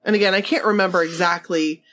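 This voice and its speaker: A woman's voice: on the low side, steady tone, fast, a bit bright. A woman co-hosting a podcast in casual chat, laughing easily and exclaiming, before she reads out a story. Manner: laughs easily, exclaims, shrieks when amused. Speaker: podcast co-host.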